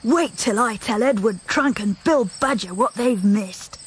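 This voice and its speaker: A man narrating a storybook while voicing an excited young boy bear in a high, clear, eager voice. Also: unhurried, exaggerated voice. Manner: high, breathless, excited calling.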